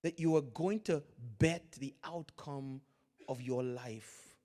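A man preaching a sermon, swinging from loud, drawn-out lines to hushed asides, with Pidgin phrases mixed in. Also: mid-range voice. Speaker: pastor.

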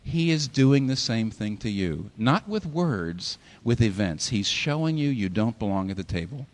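A pastor preaching a sermon in a hall, with animated delivery that rises and falls sharply for emphasis. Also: male voice, on the low side, normal speed.

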